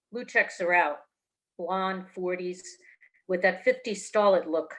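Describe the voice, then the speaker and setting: A woman's voice: on the low side, slow pace, fairly bright tone. A woman from New Jersey reading her own noir fiction aloud in a blunt, streetwise way over a video call. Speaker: author reading her work.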